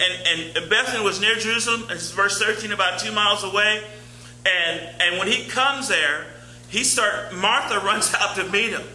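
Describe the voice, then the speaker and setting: A man's voice: high voice, pushed and bright, echoey room, poor audio. A man preaching a sermon as pastor, talking in a conversational way, repeating key phrases and reading scripture aloud. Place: church sanctuary.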